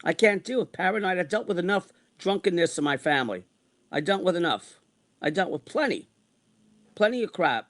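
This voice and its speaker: Exasperated ranting man in his sixties. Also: on the high side. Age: 60s. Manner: exasperated, repetitive, venting. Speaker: online streamer. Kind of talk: ranting monologue.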